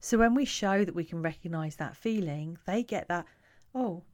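A woman who coaches parents, talking to camera in a calm, reflective, conversational way. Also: fairly low pitch, moderate pace.

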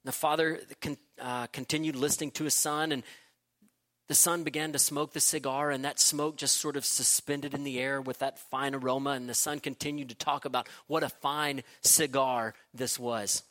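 A man preaching, telling an illustration story in an unhurried way and posing questions to his listeners. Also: medium pitch, sharp tone.

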